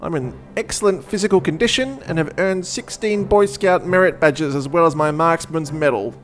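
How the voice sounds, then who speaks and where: Reading aloud from a storybook, a man voices an earnest, eager, and formal fourteen-year-old boy scout, pitching a bit above his own voice while staying close to an everyday sound. The voice is fairly high at normal speed, with faint music behind.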